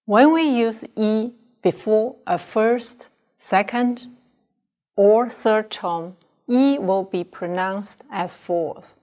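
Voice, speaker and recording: Slow, deliberate woman teaching pronunciation. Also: medium pitch, a little mellow. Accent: Chinese. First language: Chinese. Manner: deliberate, models pronunciation for students to repeat. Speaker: Chinese language teacher. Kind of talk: slow, careful classroom instruction.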